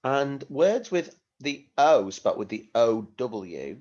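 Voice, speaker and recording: A male primary school teacher giving a phonics lesson to young children, speaking slowly in a sing-song way and asking many tag questions. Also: mid-range voice, very animated, a little mellow, dull audio.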